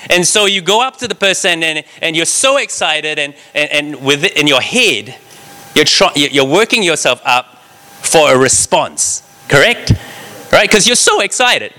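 Speaking unhurriedly in a higher register, this preacher reads from scripture and unpacks its meaning. His delivery is lively, and he checks in with the congregation again and again by asking "right?"

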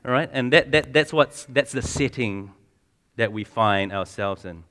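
A man's voice: mid-range voice, measured pace, fairly bright tone. Man preaching conversationally in a reverberant hall. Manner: conversational, asks the congregation questions; frequent restarts and repeated words. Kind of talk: sermon.

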